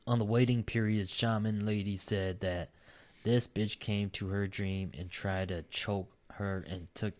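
Male podcast host, lower voice, reads listener stories aloud with crude, laughing asides. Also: fairly even intonation, unhurried. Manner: profane, laughing asides between read lines. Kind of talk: casual podcast chat, reading aloud.

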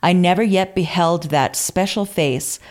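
A woman's voice: lowish voice, unhurried, a little mellow. A woman co-hosting a podcast, reading old quotes aloud with theatrical flourish and amused asides in casual chat. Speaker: podcast co-host.

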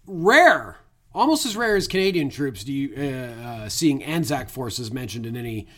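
A young man co-hosting a casual film discussion podcast, chatty and quick to laugh. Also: mid-range voice, very animated. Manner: chatty, laughs often, slips into mock accents. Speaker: podcast co-host.

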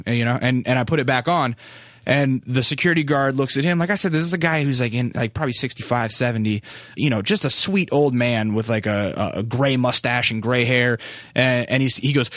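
A man's voice: medium pitch, fairly quick, a bit bright, no echo, studio quality. A man in his thirties hosting a podcast, telling stories in a rambling, profane, casual monologue full of fillers and restarts.

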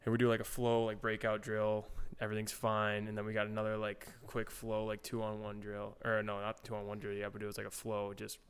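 A man's voice: lowish voice, monotone, a little fast, few pauses, clear, resonant tone. A young man, a pro hockey player, casually telling a story in an interview, laid back with lots of fillers. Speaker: guest, pro hockey goalie.

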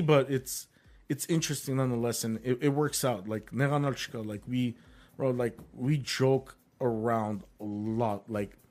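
A young man, a comedian guest, telling a story in casual chat, filling his talk with "bro" and "like". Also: medium pitch. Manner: animated, says "bro" and "like" constantly.

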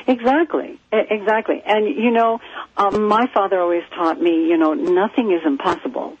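Raspy, gravelly woman guest; animated storyteller, muffled phone line. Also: medium pitch, moderate pace. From California, USA. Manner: animated, lively storyteller who acts out quoted voices. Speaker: psychic guest. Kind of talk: storytelling in a phone-in radio interview. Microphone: telephone.

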